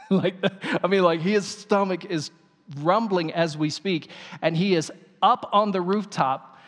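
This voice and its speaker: A male pastor preaching a sermon, telling the story in an animated way with quick asides. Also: sits high. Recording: long hall reverb.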